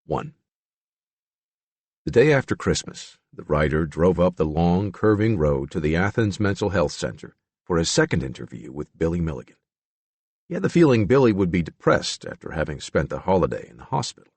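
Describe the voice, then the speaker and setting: A man narrating an audiobook in a measured, expressive storytelling manner. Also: low-pitched, slightly rough, dry recording.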